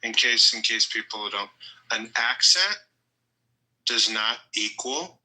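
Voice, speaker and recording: A man's voice: fairly low pitch, lively intonation, slow pace, pushed and bright, rough recording. A man in a heated online debate who makes his points with dry, wry remarks.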